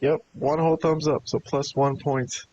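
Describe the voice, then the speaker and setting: A man's voice: a little high, little pitch movement, normal speed, darkish tone. A man giving a casual, laid-back review of a wrestling show, chatting and chuckling as he goes. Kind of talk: casual video review commentary. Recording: dull lo-fi with hiss.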